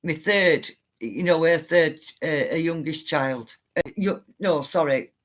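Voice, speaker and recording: A woman's voice: low-pitched, unhurried. A middle-aged woman, earnestly telling viewers an emotional story and insisting that it is true. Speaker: spiritual livestreamer.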